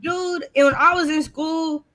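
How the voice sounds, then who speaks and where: A woman's voice: high-pitched, unhurried, over a noisy crowd. A woman in casual chat on a video call, telling stories bluntly and animatedly. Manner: animated, blunt, laughing storyteller. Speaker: writing stream co-host.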